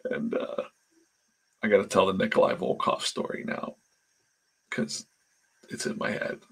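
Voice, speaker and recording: A man's voice: low-pitched, takes it slowly, long pauses, fairly bright tone, breathy edge. A man telling rambling anecdotes in casual chat while he draws comics on a live stream, acting out the voices of the people in his stories. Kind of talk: casual storytelling while drawing.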